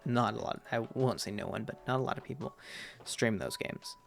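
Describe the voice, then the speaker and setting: A man's voice: mid-range voice, brisk, vocal fry, fairly bright tone, soft background music. A man streaming a game, chatting casually in a rambling way, restarting and correcting himself as he answers chat. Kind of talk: casual gaming livestream chat.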